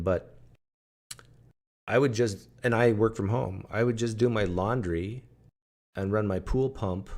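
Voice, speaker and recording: Speaking in a slightly mellow voice on the low side, a man livestreams from home. He chats casually with viewers, reading and answering their comments aloud.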